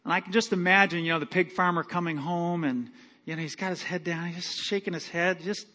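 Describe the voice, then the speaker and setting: A man's voice: sits high, steady tone, fairly quick, bright, forceful tone. A male pastor preaching a storytelling sermon in a conversational, self-mocking way with many fillers.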